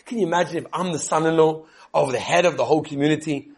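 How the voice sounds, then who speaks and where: A man giving a lively Torah lesson, telling stories and addressing his listeners directly. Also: fairly high pitch, fast, husky. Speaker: Torah teacher.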